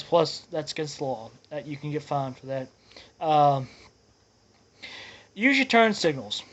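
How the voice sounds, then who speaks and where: A man's voice: on the high side, muffled recording. A man talking casually to his viewers in a vlog update, rambling a little, earnest and thankful. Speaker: channel host.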